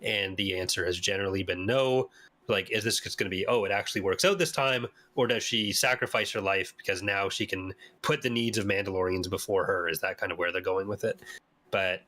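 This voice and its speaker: A Canadian man hosting a casual podcast chat, animated and laughing often, voice jumping up when he argues a point. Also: low voice, a little fast. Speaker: podcast host.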